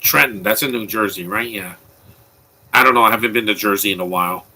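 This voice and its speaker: Bright-voiced man rambling through film commentary. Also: on the low side, fast talker, slight background noise, poor audio. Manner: rambling and opinionated, with frequent restarts. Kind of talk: casual live movie commentary.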